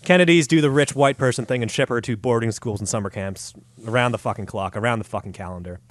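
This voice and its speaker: A man's voice: medium pitch, fast talker, no echo. A man hosting a comedy podcast, telling a story in a casual, profane, joking way. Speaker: podcast host.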